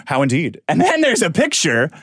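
A man's voice: a little high, moderate pace, husky, no room sound, studio quality. A man in his forties hosting a casual podcast chat, sardonic and swearing as he tells stories. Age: 40s. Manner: sardonic, swears often, animated storytelling.

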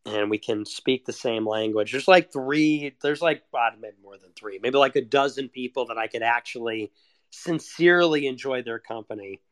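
A man's voice: medium pitch, moderate pace, dry recording, clean studio sound. Rambling, foul-mouthed young man venting. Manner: rambling, profane, self-deprecating. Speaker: vlogger. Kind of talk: casual confessional monologue.

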